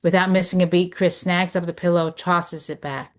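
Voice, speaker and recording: A woman reading a screenplay's stage directions in a measured, descriptive way. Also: fairly low pitch, fairly even intonation. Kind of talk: script read of stage directions.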